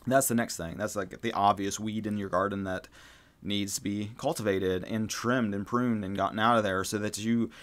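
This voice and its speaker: A man's voice: fairly low pitch, fairly bright tone. A man hosting a spiritual self-help podcast, talking casually and rambling, with many fillers and restarts and the odd swear word. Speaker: podcast host.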